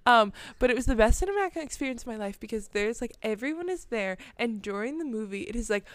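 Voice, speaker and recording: Animated woman telling a funny story. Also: on the high side, quick pace, noisy background. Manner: animated, laughs often, acts out her child's lines. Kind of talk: casual chat, storytelling.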